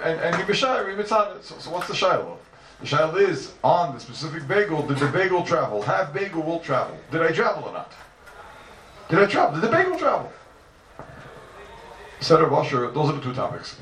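Animated man teaching a Talmud class. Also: medium pitch, slight background noise. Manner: animated, repeats questions, mixes Hebrew and Aramaic terms into speech. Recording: echoey room, mic from far off.

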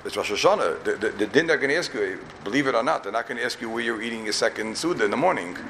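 A rabbi from Borough Park, giving an emphatic yeshiva talk full of repeated questions and wry asides. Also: male voice, medium pitch, expressive, very fast, sharp tone, a little hiss or hum. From Borough Park, New York.

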